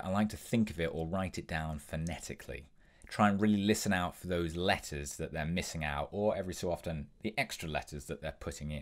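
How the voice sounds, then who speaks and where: A young man hosting an impressions tutorial, explaining tips in an upbeat, step-by-step way. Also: deep voice. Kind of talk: instructional tutorial.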